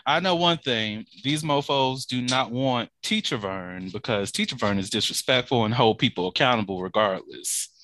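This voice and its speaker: A man's voice: mid-range voice, normal speed, few pauses, a bit bright, dry recording. A man hosting a podcast, chatting casually and playfully, laughing often. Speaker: podcast host. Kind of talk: casual chat.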